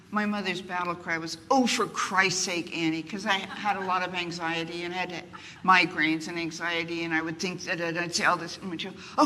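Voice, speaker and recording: A woman's voice: fairly low pitch, a little hiss or hum. An older woman speaking candidly in an interview, telling self-mocking stories and acting out what people say, before a live group. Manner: animated, self-mocking, acts out quotes. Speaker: guest author. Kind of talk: candid conversational storytelling. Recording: distant reverberant room, faint ambience.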